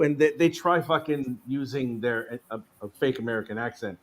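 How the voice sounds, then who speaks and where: A man's voice: mid-range voice, brisk. A man from New York City with a New York accent, hosting a casual stream chat, swearing freely and laughing often. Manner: profane, animated, laughs often. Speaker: stream host.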